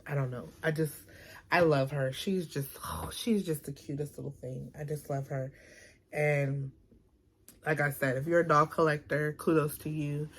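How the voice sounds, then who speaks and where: Chatty Baltimore woman with a bright voice. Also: low-pitched. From Baltimore, Maryland. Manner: rambling, chatty, lots of fillers. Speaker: vlogger. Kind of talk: casual chat to camera. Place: home, indoors. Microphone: phone camera.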